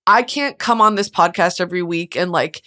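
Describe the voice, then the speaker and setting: Hosting her podcast solo, a woman in her twenties talks earnestly and emotionally about being burnt out, sounding close to tears. Her fairly low voice is bright and pushed at a normal speed, and her candid monologue is full of swearing and "like."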